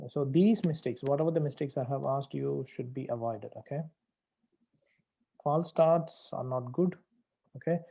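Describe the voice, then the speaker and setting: A male tutor gives spoken feedback on a practice test, correcting mistakes and slowing down to repeat the main advice. His voice is mellow and dark, at a middling pitch. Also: creaky. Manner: corrective and repetitive, slows down to stress key phrases.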